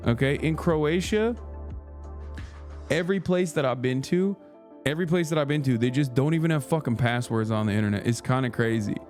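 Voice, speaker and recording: A man's voice: on the high side, darkish tone. A man in his thirties, a streamer telling a long, profane, exasperated story in casual livestream chat.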